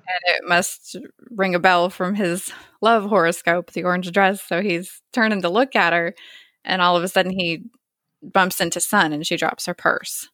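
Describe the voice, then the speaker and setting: A woman's voice: fairly low pitch, steady tone, unhurried, a bit bright, no room sound. A woman co-hosting a casual chat, retelling a TV episode scene by scene and quoting the characters in her own voice. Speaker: podcast co-host.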